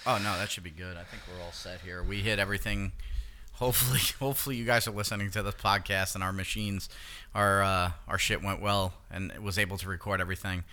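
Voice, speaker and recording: Man, casual podcast co-host, very bright voice, cursing, loose banter. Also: low-pitched, fairly even intonation, fast talker. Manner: swearing, laughing, loose sign-off.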